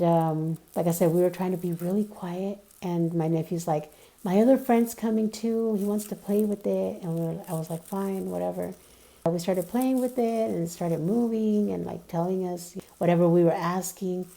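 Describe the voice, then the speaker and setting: A woman's voice: lowish voice, normal speed, gravelly, mellow. A young woman vlogger casually telling a personal story, rambling with lots of "like" and "you know".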